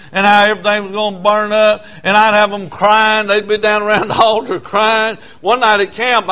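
With a clean tone, a male preacher tells stories through his sermon, his voice pitched high for a man. He repeats himself in a folksy way and turns loud when moved.

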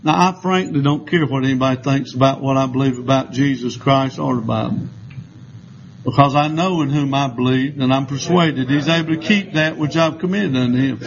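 A man preaching a sermon as pastor, fiery and shouting, trading call-and-response with the congregation and chuckling at his own lines. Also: mid-range voice, fairly quick, gravelly, muffled recording, slight background noise. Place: church sanctuary.

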